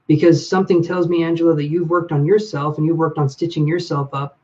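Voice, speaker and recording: A man's voice: a little high, level tone, a little fast, darkish tone, highs cut off. A man on a live stream giving relationship advice, talking to viewers by name in a reflective way. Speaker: livestream reader and relationship advisor.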